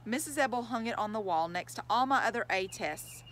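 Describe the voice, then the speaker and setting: A woman's voice: a little high, animated, brisk, fairly bright tone, a little hiss or hum. A woman reading aloud, voicing a defiant young schoolboy who whines and insists. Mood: fibbing. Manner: whiny, insistent outbursts.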